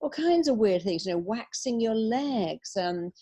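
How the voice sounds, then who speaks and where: A middle-aged woman being interviewed on a radio show, giving upbeat advice and acting out quick quoted asides. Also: fairly high pitch. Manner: animated, upbeat, quotes herself in little acted asides. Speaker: guest, hypnotherapist.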